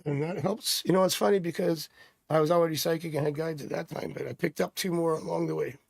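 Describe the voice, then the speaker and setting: A man's voice: on the high side, fairly even intonation, fast, creaky, dry recording, studio quality. A middle-aged man hosting a live tarot stream, chatting casually and drifting off into rambling personal stories. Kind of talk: casual livestream chat.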